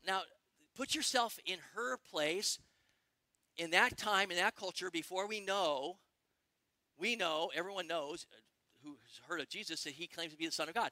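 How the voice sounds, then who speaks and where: A middle-aged male pastor preaching a sermon, excitable and animated, firing questions at the congregation. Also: sits high, dry recording. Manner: excitable, quick bursts, asks the congregation questions.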